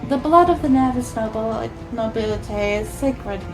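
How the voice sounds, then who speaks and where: A woman's voice: a little high, normal speed, over music, lightly acted, low-quality recording. A woman reading the lines of a solemn noble female navigator with a warp eye, in formal, archaic speech. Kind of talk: reading game dialogue aloud.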